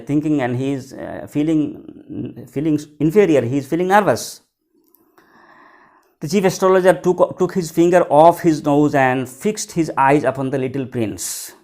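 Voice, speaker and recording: A man teaching a lesson, reading passages from a story and then going over each one in plain words. His voice sits a little high for a man, and he talks in the patient way of a classroom explanation. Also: a little mellow. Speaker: English teacher.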